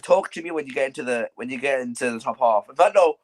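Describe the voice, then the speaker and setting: A man's voice: mid-range voice, expressive, quick pace. A young man, a guest on a football chat, teasing and mocking his rival, repeating taunts between laughs. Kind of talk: casual banter.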